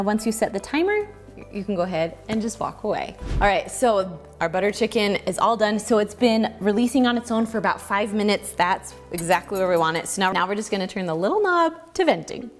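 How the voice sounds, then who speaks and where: A woman hosting a casual home cooking tutorial, chatty and relaxed, thinking aloud as she cooks in her kitchen. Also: medium pitch. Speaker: cooking channel host.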